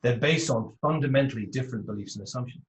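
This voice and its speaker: A man with a British accent, a podcast guest, explaining his ideas in a measured, reflective way. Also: medium pitch, creaky. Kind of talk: conversational interview. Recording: echoey room sound.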